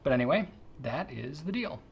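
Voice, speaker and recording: A man hosting a pen shop question-and-answer show, talking casually and easygoing, thinking out loud as he handles a pen. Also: a little high, very animated, moderate pace, vocal fry, breathy edge. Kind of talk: casual chat.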